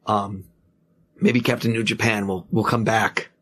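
A man's voice: fairly low pitch, flat delivery, measured pace, fairly bright tone. A man hosting a podcast in casual chat, his voice grainy as it recovers, rambling with many fillers. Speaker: podcast host.

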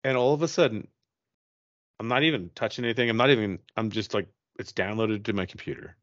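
Man, low voice, profane rambling storyteller, dry dull lo-fi sound. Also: quick pace, dry recording. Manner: profane, rambling, animated retelling. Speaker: podcast co-host telling a ghost story. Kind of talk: casual storytelling chat.

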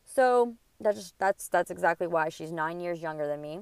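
An indignant woman in her thirties vents a personal story on her podcast, cursing freely as she rambles from one grievance to the next. Her voice is smooth and clear, and the recording is close and dry. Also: on the low side, expressive, moderate pace, a little mellow, no room sound. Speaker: podcast host.

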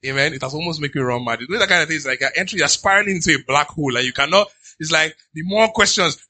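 A pastor preaches with a bright, slightly husky voice pitched a little high. He reads scripture aloud, then bursts into animated asides to his congregation. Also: rapid-fire. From Nigeria. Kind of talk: sermon.

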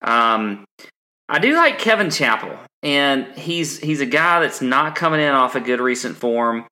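A man's voice: medium pitch, lively intonation, unhurried, pushed and bright. A man co-hosting a podcast, chatting casually with lots of ums and restarts. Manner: rambling, frequent ums and restarts. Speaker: podcast co-host.

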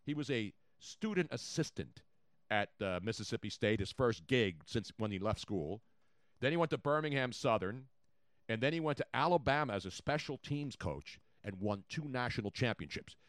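A man's voice: normal speed, no echo. This is a man hosting a sports talk show, and he talks with a lot of swing in his voice. He repeats his points to hammer them home. He is recorded close and dry, with no room sound. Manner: excitable, repeats points, jumps in pitch and volume. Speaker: sports radio host.

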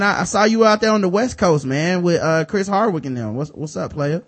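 A man's voice: fairly high pitch, expressive, fairly quick, hardly any pauses. Loose, profane male podcast host. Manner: loose, profane, jokey ad reads with rambling fillers. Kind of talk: casual podcast chat and sponsor reads.

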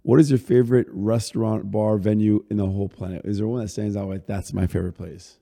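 A man hosting an interview, asking casual questions in a relaxed, hesitant way with fillers. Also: lowish voice, fast, gravelly. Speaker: host.

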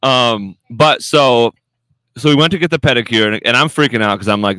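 A man's voice: mid-range voice, a little fast, a bit bright, clear, resonant tone, dry recording. A young man hosting a podcast, telling stories in loose, profane, casual banter. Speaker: podcast host.

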